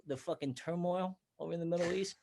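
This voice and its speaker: A man's voice: fairly high pitch, steady tone, fast talker, vocal fry, a little mellow, slight background noise. A man from Pennsylvania, a comedian guest telling profane stories in casual podcast chat and acting out quotes. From Bethlehem, Pennsylvania, USA. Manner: profane, storytelling, acts out quotes.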